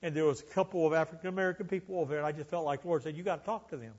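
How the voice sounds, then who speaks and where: An older man from Alabama with a Southern accent, preaching an impassioned sermon that swells loud and high, then sinks low. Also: racing, husky, long reverb tail, highs cut off. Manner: impassioned, building to near-shouting then dropping low.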